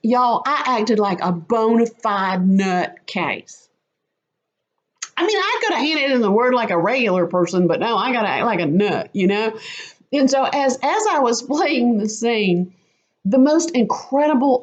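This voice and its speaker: A woman telling a lively, self-mocking personal faith story as a testimony. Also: on the high side. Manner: animated, quick and self-mocking. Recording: slightly muffled lo-fi audio.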